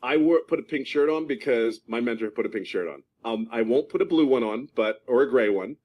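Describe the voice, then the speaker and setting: A man's voice: medium pitch, brisk, darkish tone, rough recording. A man in his fifties from Philadelphia giving a passionate testimonial, emphatic and repeating himself for stress. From Philadelphia, USA. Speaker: program member giving a testimonial. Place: at home in California.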